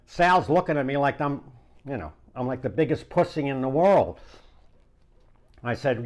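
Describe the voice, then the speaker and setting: A man's voice: medium pitch, expressive, moderate pace, long pauses. A man, a landlord and real estate investor, telling an anecdote in a casual, conversational way with frequent chuckles. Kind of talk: anecdotal storytelling.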